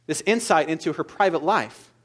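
Male pastor, slightly high voice, earnest sermon delivery swinging from hushed to forceful. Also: lively intonation, normal speed. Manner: earnest, shifts between soft intimate asides and loud emphatic exhortation.

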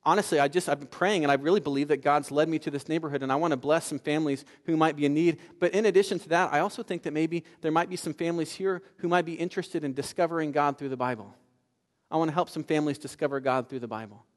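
Guy quoting a sincere church lady, kinda halting, reverby hall. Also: low voice, natural voice. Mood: earnest. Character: earnest churchgoing woman, humble and determined.

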